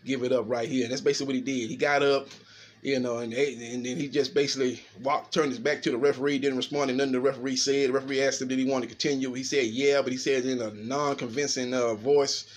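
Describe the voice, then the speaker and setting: Fast-talking man breaking down a boxing fight. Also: mid-range voice, slight background noise. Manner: fast, animated, filler-heavy talk with repeated "man". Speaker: boxing commentator. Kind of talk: casual boxing analysis.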